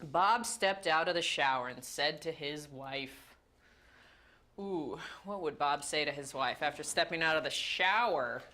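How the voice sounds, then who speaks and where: Slow-talking woman hosting a game. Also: deep voice, sharp tone. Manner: reads prompts aloud, laughs often. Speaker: host. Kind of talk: hosting a party word game. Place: TV studio with guests.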